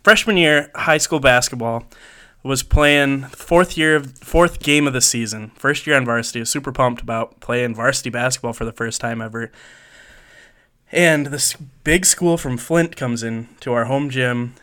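A man's voice: medium pitch, normal speed, pushed and bright, clear, resonant tone. A man from Michigan co-hosting a podcast, telling stories in a jokey, casual way and laughing often. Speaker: podcast co-host. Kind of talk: casual storytelling chat.

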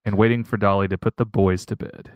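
A man co-hosting a podcast, excitable and rambling in jokey casual chat. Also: on the low side, fast, no echo. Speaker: podcast co-host.

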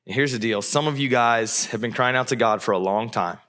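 Male pastor, sermon delivery, animated storyteller, bright and forceful tone. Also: mid-range voice, a little fast. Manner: animated preacher who acts out voices.

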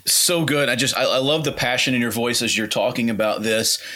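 A man's voice: mid-range voice, fairly quick, pushed and bright. A man hosting an interview, encouraging his guest and asking questions with small hesitations. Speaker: interview host.

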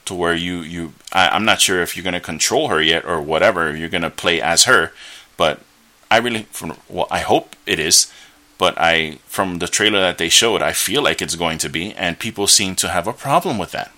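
Speaking at a normal pace, a man with a low, bright, forceful voice hosts his own podcast alone. His commentary wanders and is heavy with opinion, fillers and restarts, punctuated by bursts of scornful ranting.

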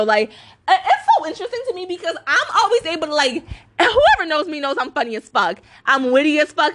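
A podcast host in her twenties rants in a casual, emphatic manner, swearing a lot and using many fillers. When she quotes others, she shifts into a high, mocking voice.

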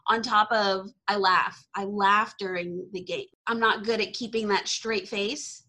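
A woman with a Texan accent hosting a podcast, talking in a casual, excitable way with frequent laughter. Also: mid-range voice, unhurried. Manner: giggly and excitable. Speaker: podcast host. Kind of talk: casual chat.

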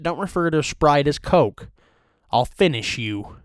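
A young man hosting a comedic rant, crude and profane in a deadpan way. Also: fairly high pitch, unhurried, no echo, clean studio sound. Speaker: host of a rant show.

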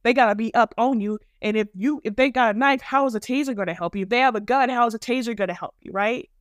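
Young black woman ranting on her podcast, smooth clear voice, dry mic, cusses a lot, very blunt. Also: on the high side, fast talker, no room sound. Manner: blunt, profane and emphatic. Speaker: podcast host. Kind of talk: opinionated commentary monologue.

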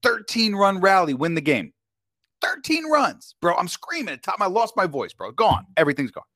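A man's voice: high-pitched, very animated, fast, a bit bright, no room sound, clean studio sound. A man, a podcast guest, telling a story in casual chat, talking in slang and keeps asking "you know what I mean".

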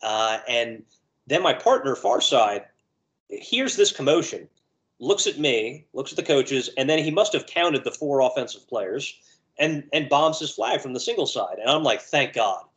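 Male ref, mid-pitched, storyteller who acts out quoted voices. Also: sing-song, unhurried, a bit bright, poor audio. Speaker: lacrosse referee. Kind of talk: conversational storytelling.

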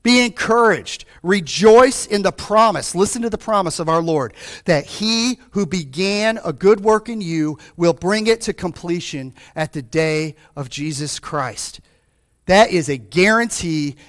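A male pastor with a notably high voice delivers a fervent sermon. He swings between fired-up, raised passages and hushed, low stretches. He keeps turning to the congregation with direct questions. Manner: fervent, rises and drops sharply in pitch and volume; calls out to the congregation.

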